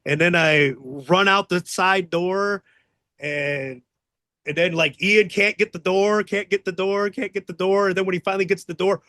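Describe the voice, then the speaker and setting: High, bright-voiced man telling wild road stories. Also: moderate pace, no echo, studio quality. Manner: profane, excitable storyteller acting out others' voices. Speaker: wrestling guest telling stories. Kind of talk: casual storytelling interview.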